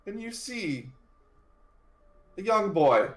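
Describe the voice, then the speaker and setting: Guy running a d&d game, relaxed narration, slightly high voice, echoey room with faint music. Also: slow pace. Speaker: game master.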